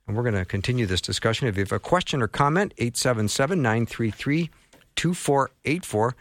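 A man's voice: medium pitch, a bit bright, no room sound. A male radio talk show host on a Christian station, chatty and joking, speaking into a studio microphone. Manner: chatty, joking, plugs phone line.

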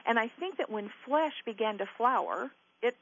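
Woman guest teacher on call-in radio; earnest, reassuring, pastoral; higher voice, dull broadcast sound. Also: expressive, moderate pace, a bit bright.

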